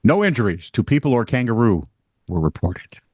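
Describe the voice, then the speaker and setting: A man's voice: mid-range voice, big pitch swings, fairly quick, darkish tone, slightly rough, dry recording. A man co-hosting a comedy news podcast, reading offbeat stories and cracking wry jokes. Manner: wry, jokey, reads news stories aloud. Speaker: co-host. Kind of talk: casual news banter.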